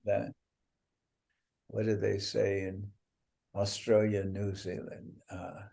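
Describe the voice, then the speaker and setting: A man's voice: lowish voice, flat delivery, vocal fry, mellow. Playful teasing man on a video call. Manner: playful teasing, drawn-out punchlines. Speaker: spiritual teacher giving a talk. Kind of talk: casual joking chat over video call.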